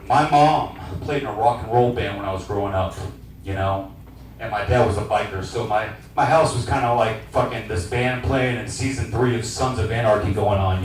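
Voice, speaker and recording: Loud crude 40ish guy doing standup, super echoey room, a bit far off the mic. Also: on the low side, a little hiss or hum. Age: 40s. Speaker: stand-up comedian. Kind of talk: stand-up comedy set. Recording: echoey venue miked from a distance.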